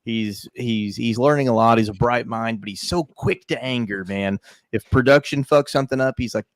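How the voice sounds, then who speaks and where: A man's voice: mid-range voice, normal speed, no echo. A man co-hosting a podcast over an online call, telling crude, rambling stories and laughing as he goes. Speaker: podcast co-host. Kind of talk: crude casual chat.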